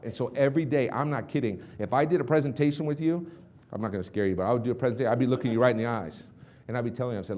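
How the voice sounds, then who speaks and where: Fast-talking, intense male motivational speaker. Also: mid-range voice, animated. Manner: intense, swings from hushed to shouting. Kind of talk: energetic storytelling speech.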